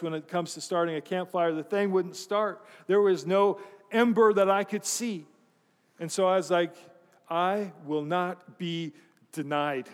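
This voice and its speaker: A man's voice: high voice, long reverb tail. A man preaching a sermon, telling a story with self-deprecating humor and asking his congregation questions. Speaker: pastor.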